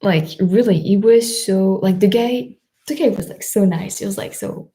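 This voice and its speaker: A young woman with a French accent, hosting a casual live stream, chatting with many fillers and quick laughs. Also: medium pitch, dark tone. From France. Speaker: live stream host reading chat.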